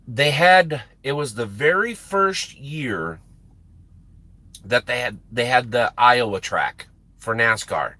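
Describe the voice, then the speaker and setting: A man's voice: medium pitch, lively intonation, slow, pushed and bright, slight background noise. A man, a truck driver chatting casually with his livestream viewers, rambling and repeating words for emphasis. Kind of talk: casual chat with stream viewers.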